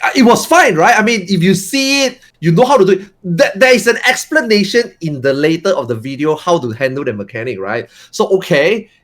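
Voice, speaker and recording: A male podcast guest with a somewhat high voice that swings widely as he tells stories. He talks animatedly, quoting other people along the way. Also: sing-song, a little fast, few pauses, a bit bright. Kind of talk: casual podcast chat.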